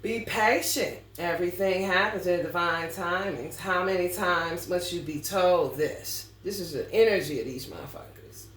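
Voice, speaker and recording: A woman's voice: fairly low pitch, moderate pace, few pauses, a bit bright, a little hiss or hum. A woman ranting bluntly and profanely in a casual astrology vlog. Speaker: astrology reader. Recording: roomy sound, distant mic, faint ambience.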